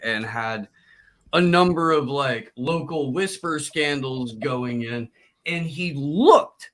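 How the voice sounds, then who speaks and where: A man's voice: mid-range voice, a bit bright. A man in casual podcast chat, telling rambling stories. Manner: slow, rambling storyteller. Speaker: podcast co-host.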